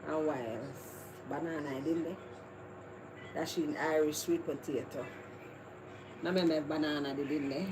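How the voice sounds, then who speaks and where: A woman's voice: low voice, fairly even intonation, a little slow, pauses often. A Jamaican woman hosting a casual live stream, chatting with viewers in a rambling, chatty way that is full of laughs. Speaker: livestream host. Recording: noisy background ambience.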